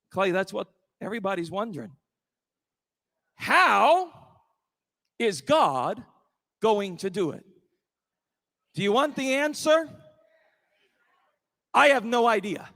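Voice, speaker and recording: A male pastor telling a sermon story at a rally, building up to shouts. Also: high-pitched, big pitch swings, takes it slowly, vocal fry, pauses often. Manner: preachy, rising to shouts.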